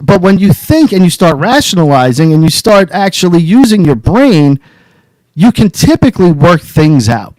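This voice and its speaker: Brash, cursing man with a higher voice. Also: big pitch swings, normal speed, a little mellow, no echo, poor audio. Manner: brash, swears freely, boastful. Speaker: podcast co-host. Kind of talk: casual advice chat.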